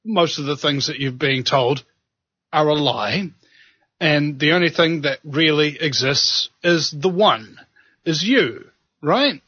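A man with a New Zealand accent hosts a talk show, swinging between preachy monologue and joking banter. His voice is lively and bright, a little husky. The sound is dry and slightly dull. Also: a little high, no room sound. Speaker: podcast host. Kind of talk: casual chat and monologue.

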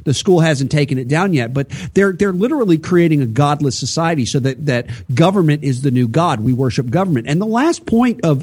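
A man's voice: a little high, darkish tone, slightly rough. A man co-hosting a political talk show, lecturing in a preachy way with rhetorical questions. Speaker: podcast co-host.

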